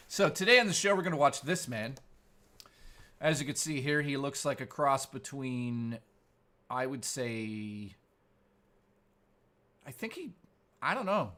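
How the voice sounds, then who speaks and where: A man with a mid-range voice hosts a live stream, speaking a little slowly and pausing often. He chats casually with his viewers in an animated, playful way, trading crude jokes and banter with the chat.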